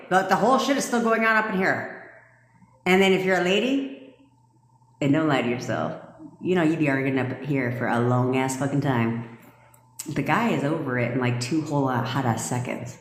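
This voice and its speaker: A lower-voiced woman gives brash, profane coaching straight at her listeners. She scolds and hammers her points home. The sound bounces around a room with a long, ringing tail. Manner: brash, swearing, emphatic and scolding. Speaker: manifestation coach. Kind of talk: blunt, profane live-stream coaching rant. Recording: echoey room with long reverb.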